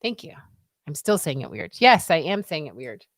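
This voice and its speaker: Lively woman reading chat on stream. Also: deep voice, normal speed, dry recording, studio quality. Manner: chatty, reads viewer comments aloud, laughs easily. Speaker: livestream co-host reading chat. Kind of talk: casual chat.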